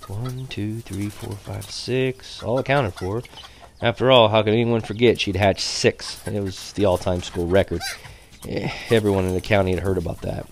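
A young man reading a first-person story aloud, lively and wry, switching to quieter voices for the other characters. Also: lowish voice. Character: boy narrator recalling spying on a neighbor. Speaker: audiobook narrator. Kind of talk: first-person audiobook narration.

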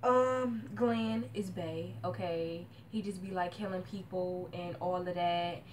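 A young woman vlogging casually, dramatic and slangy, swinging from hushed murmurs to loud outbursts. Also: fairly low pitch, steady tone, slow, a little hiss or hum. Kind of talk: casual vlog rant.

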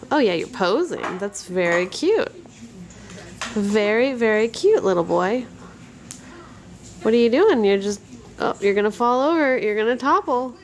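A young woman, a mother filming her babies at home on a handheld camera, talks to them in gentle, cooing baby talk. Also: a little high, animated, a little slow, pauses often. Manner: sing-song, cooing, gentle. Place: home living room.

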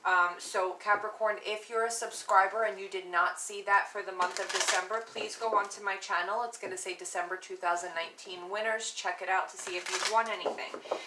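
Woman, tarot reader, chatty, lots of fillers, echoey room, noisy background. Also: mid-range voice. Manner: chatty, with many "um" and "guys"; murmured, repeated invocations. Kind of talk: casual tarot reading to camera.

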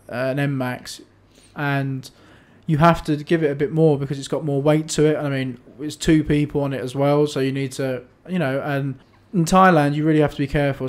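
Man, podcast co-host, animated storyteller, slightly high voice. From England. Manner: chatty storyteller, animated, restarts often. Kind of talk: casual chat.

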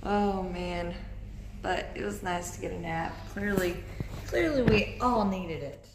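A woman's voice: on the low side, measured pace, reverberant, background noise. A young woman chatting casually at home for a family vlog, laughing often and coaxing her toddler in a sing-song voice. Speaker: family vlogger and mother.

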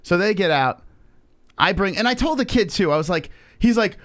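Young NY guy, host, rowdy storyteller, pitched a bit high. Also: a little fast, no room sound. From New York. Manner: animated, profane, acts out quoted voices. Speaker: podcast host. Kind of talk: casual storytelling on a live stream.

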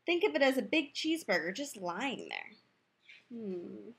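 A woman's voice: high-pitched, wildly swooping pitch, a little fast, very noisy. A woman playfully reading a picture book aloud, telling the story in first person as the wolf, in a youth room.

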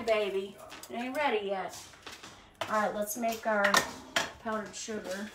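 A woman's voice: mid-range voice, fairly even intonation, a little slow, pauses often, distant mic. A woman hosting a casual cooking livestream from her home kitchen, chatting straight to her viewers as she cooks. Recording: noisy home recording with clicks.

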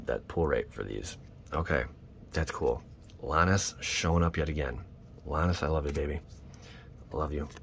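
A man hosting his channel, chatting casually and excitedly to viewers as he opens trading card packs. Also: low-pitched, a little hiss or hum. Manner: excitable, rambling, talks to viewers. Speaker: channel host. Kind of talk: casual card-opening commentary.

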